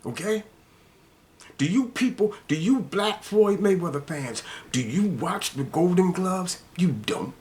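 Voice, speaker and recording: Slow, scolding older man ranting. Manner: slow, heated, repetitive, scolding; drops to low mutters between outbursts. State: angry. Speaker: commentator ranting to camera. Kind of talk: angry monologue rant.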